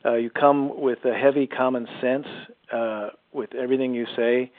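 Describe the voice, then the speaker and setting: A man's voice: medium pitch, steady tone, normal speed, dry recording. Man, caller, tinny phone line, enthusiastic, dry sound. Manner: enthusiastic, full of praise, many fillers. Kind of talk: call-in voicemail.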